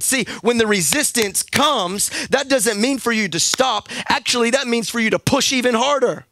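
A male pastor preaching a sermon at a church service, emphatic, repeating words and building up to shouts. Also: high voice, moderate pace, few pauses, dry recording.

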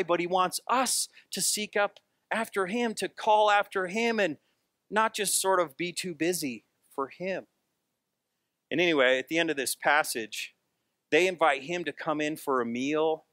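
An American man preaching a sermon as pastor, telling a Bible story in an animated way and acting out the quoted voices. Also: a little high, no echo, clean studio sound.

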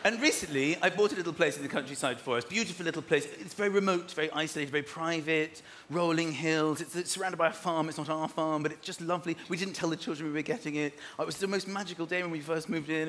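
A man doing a stand-up comedy routine on a theatre stage, acting out scenes with sudden shouts and silly animal noises. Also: a little high. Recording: live theatre recording with audience noise. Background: audience laughter.

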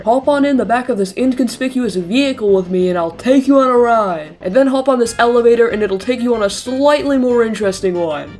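A gaming video creator giving casual gameplay commentary, rambling and sarcastic, correcting themself mid-sentence with excitable outbursts. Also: mid-range voice, fairly quick, hardly any pauses, soft background music.

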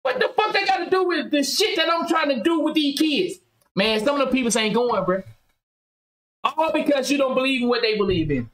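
A man's voice: very high voice, sing-song, a little fast, fairly bright tone, roomy sound, a little hiss or hum, low-quality recording. A man hosting a casual podcast, talking in an emphatic, riled-up way. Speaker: podcast host.

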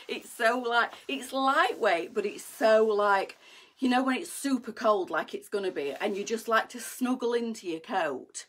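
A woman's voice: fairly high pitch, animated, normal speed, fairly bright tone. Chatty woman selling coats live. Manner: chatty, bubbly, greets viewers by name. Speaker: fashion boutique live seller. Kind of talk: live sales chat to viewers. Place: indoors, live video stream.

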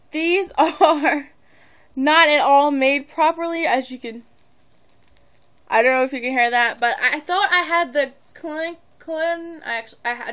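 Giggly teen girl rambling at home, high bright voice. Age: teens. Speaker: vlogger. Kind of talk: casual chat to camera. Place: at home, indoors.

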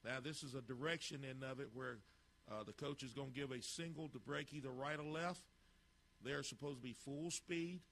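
A man's voice: mid-range voice, moderate pace, gravelly, a bit bright. A man coaching football, narrating drill footage with blunt, clipped instructions and critiques.

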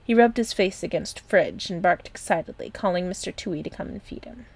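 A woman reading a children's chapter book aloud in a gentle voice. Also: fairly low pitch, brisk, husky. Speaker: storyteller.

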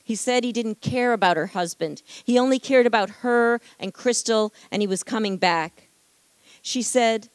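Woman author for an expressive, measured novel reading; close dry sound. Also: medium pitch, no echo. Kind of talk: literary reading. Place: library atrium event.

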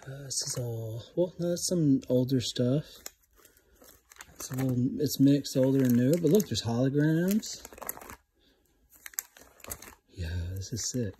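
A man chatting casually as he digs through boxes of finds, rambling and easily excited, recorded on a phone. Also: mid-range voice, moderate pace. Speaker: vlogger digging through resale finds. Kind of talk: casual running commentary. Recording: phone recording with loud clicking and handling noise.

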